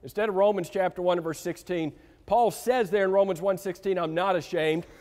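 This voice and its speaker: A man preaching a sermon to a congregation, emphatic and slowing down to stress key words, often asking them direct questions. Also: sits high, steady tone, darkish tone. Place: church sanctuary. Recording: reverberant church hall.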